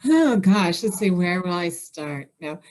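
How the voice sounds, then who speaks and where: A woman's voice: on the low side, sing-song, a little slow, a little mellow. A woman from Indiana, a guest author on a podcast, chatting casually with self-deprecating humor and frequent laughter. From Indiana, USA. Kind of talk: casual interview chat.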